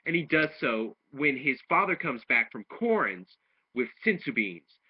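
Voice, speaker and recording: A man's voice: medium pitch, big pitch swings, unhurried, slightly rough. A man casually recapping and reviewing an anime episode, rambling through the plot with restarts. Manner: rambling retelling with restarts, acting out quoted lines. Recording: dull lo-fi home recording.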